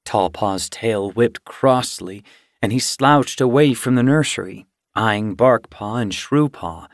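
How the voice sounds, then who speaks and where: A man narrating an audiobook in a measured storytelling manner. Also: on the low side, no echo, studio quality. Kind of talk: scripted narration.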